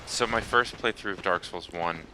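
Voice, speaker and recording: A man with a lowish voice chats casually about a game, rambling and breaking into chuckles. His voice comes over a noisy voice-chat recording with hiss behind it. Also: normal speed. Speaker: podcast guest.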